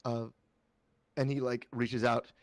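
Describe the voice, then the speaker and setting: A man's voice: medium pitch, flat delivery, slow pace, no room sound. A man playing a tabletop game, describing his character's actions in a rambling way with many fillers. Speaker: player. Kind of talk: tabletop game play and narration.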